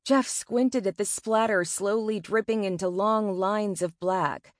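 Slow, dry-voiced woman narrating a novel. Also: mid-range voice, no echo. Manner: measured and expressive. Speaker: audiobook narrator. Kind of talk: first-person novel narration.

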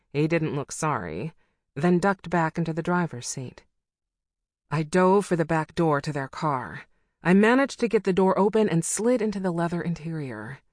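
A woman reading a first-person novel aloud as an audiobook narrator, with wry, brisk storytelling. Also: sits low, a little mellow, no room sound, studio quality.

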